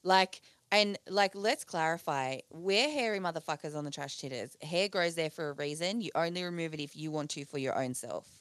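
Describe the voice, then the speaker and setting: A woman co-hosting a casual podcast, blunt and quick with jokes and swearing. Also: low-pitched, a bit bright, no echo. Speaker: podcast co-host.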